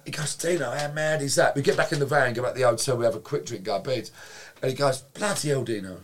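Male guest, animated raconteur, salty language, acts out quotes. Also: medium pitch, fast talker, a little hiss or hum. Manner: animated, swears freely, acts out quotes, laughs while telling. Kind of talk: anecdotal storytelling in casual chat.

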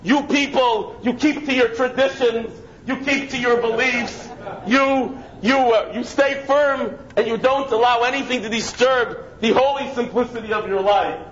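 A man voicing an outspoken woman on a subway who lectures a stranger, in emphatic, drawn-out phrases. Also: very high-pitched, a bit bright, reverberant, voice pushed up. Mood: gushing. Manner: scolding, then gushing, drawn-out emphatic phrasing. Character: indignant woman on a subway, loud and preachy. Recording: dull lo-fi with faint noise.

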